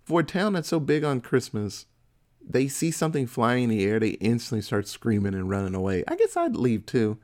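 A man casually recounting a film, swearing freely and laughing as he goes. His pitch swings widely and animatedly around a mid register, and he keeps a loose, conversational manner. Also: a little fast. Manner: profane, laughing, animated storytelling. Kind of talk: casual chat, retelling a movie plot.

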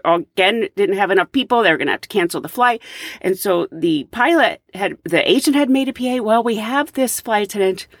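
Brief: chatty woman host with a lively, swooping pitch, storytelling. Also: dry recording, clean studio sound. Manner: chatty, animated, with fillers and laughs. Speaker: podcast host, flight attendant. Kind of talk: casual storytelling.

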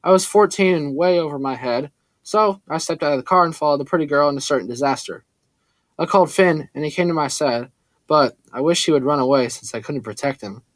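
A man reading a first-person story aloud in a steady, earnest way. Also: on the high side, a little fast, no echo. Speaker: audiobook narrator. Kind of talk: first-person scripted narration.

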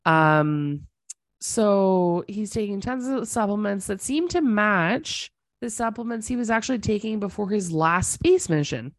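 Excitable woman podcast co-host, dry sound. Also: mid-range voice, a little slow, no room sound. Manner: excitable, exclaims often, laughs mid-sentence. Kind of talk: casual recap chat.

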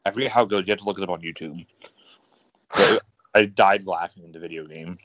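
A man's voice: deep voice, fast, a bit bright, no echo. A man co-hosting a podcast, rambling enthusiastically about games with lots of fillers. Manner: rambling, enthusiastic gamer talk with many fillers. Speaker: podcast co-host. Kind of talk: casual chat.

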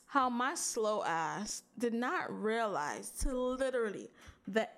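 A woman co-hosting a podcast in casual chat, animated, laughing often and swearing casually. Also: a little high, slow, a crowd in the background. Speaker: podcast co-host.

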